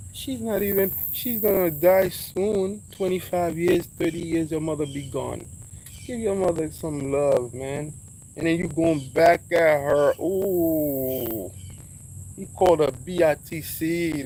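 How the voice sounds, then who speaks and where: A man's voice: unhurried, mellow, a little hiss or hum, low-quality recording. Emphatic New man preaching outdoors. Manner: preachy, emphatic, drops to low asides. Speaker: vlogger giving advice. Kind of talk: casual spoken monologue.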